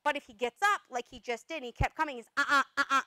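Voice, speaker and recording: A woman dog trainer explaining commands step by step, breaking off to give sharp corrective noises and praise. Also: high-pitched, expressive, fast, no room sound, poor audio. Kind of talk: instructional demonstration.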